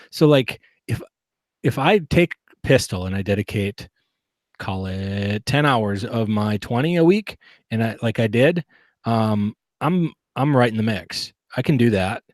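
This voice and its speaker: A man's voice: mid-range voice, a little mellow, dry recording. Man, podcast guest, earnest and reflective, restarts sentences, dry close sound. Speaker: guest, competitive shooter. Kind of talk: casual podcast interview.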